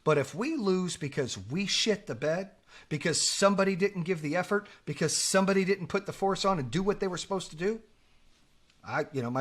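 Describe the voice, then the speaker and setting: A middle-aged man hosting a podcast, telling a story in a casual, animated way, swearing and acting out the lines he quotes. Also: sits high, fairly quick. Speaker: podcast host.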